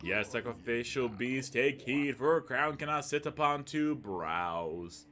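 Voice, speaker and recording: A grand prophetic voice intones solemnly, loud and slow, as a man reads it out for a game. Each phrase is stretched and declaimed like a ritual chant. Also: medium pitch, expressive.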